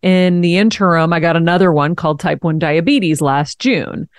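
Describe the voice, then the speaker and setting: A woman in her forties hosting a podcast, telling a personal story in a frank, animated way, laughing now and then. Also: lowish voice, normal speed, no room sound. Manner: frank, animated, swears and laughs while telling hard news. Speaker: host. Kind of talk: candid conversational storytelling.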